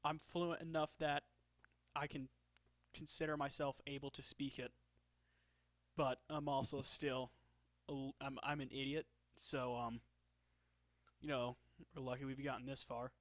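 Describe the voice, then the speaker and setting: A man's voice: mid-range voice, level tone, unhurried, fairly bright tone, dry recording. A man chatting casually while drawing, joking about himself and laughing often. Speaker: streamer.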